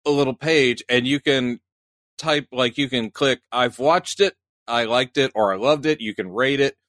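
A man's voice: mid-range voice, moderate pace, a bit bright, no room sound. 50s guy with hiccups, rambly laughy podcast chat, dead dry mic. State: has the hiccups. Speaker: podcast co-host. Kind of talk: casual chat.

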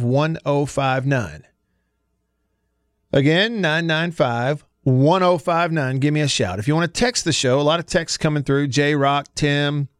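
Recorded dry with studio quality, a fairly high-pitched man delivers casual sports radio talk. He's a Southern-accented host from Alabama in his forties who tells chatty stories and laughs a lot.

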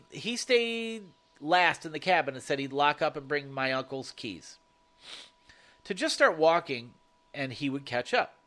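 Animated man narrating a horror story. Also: on the high side.

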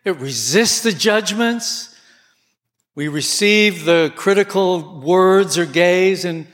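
Male preacher, high voice, slow passionate delivery, long hall reverb. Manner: passionate, rising to near shouts. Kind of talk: sermon.

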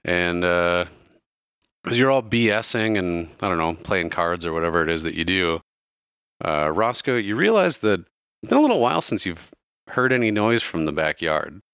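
A man's voice: low voice, sing-song, normal speed, a bit bright, clean tone, dry recording, clean studio sound. A man narrating a tabletop game as game master in a casual, loose way, with plenty of fillers.

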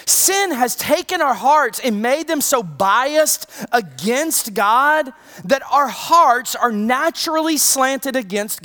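Preacher, sermon, conversational, lively pitch, frequent asides. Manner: conversational, animated, with many asides.

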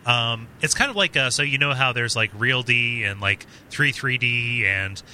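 A man's voice: mid-range voice, normal speed, bright, forceful tone, a little hiss or hum. A man hosting a podcast in casual chat, rambling and packing his talk with "like" and restarts. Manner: rambling, filler-heavy, heavy use of "like". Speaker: podcast host.

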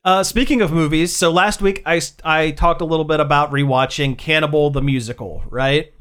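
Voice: mid-range voice, fairly even intonation, fairly quick, fairly bright tone. Podcast co-host, casual chat, enthusiastic, laughs often.

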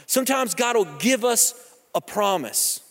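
High-voiced man preaching in reverberant hall. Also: expressive, a little slow, fairly bright tone. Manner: conversational, joking, storytelling. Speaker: pastor. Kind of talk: sermon with personal story. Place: church sanctuary.

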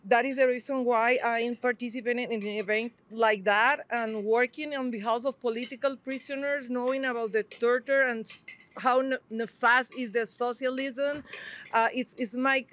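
A woman from Venezuela with a Spanish accent, an interview guest speaking earnest, halting English. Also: fairly high pitch, a bit bright, slight background noise. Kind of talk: casual interview.

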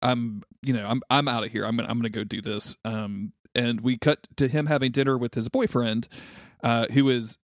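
A man's voice: medium pitch, steady tone, moderate pace, no room sound, studio quality. Man casually riffing on a podcast. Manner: playful, riffs on jokes. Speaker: podcast co-host. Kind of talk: casual chat recapping a movie.

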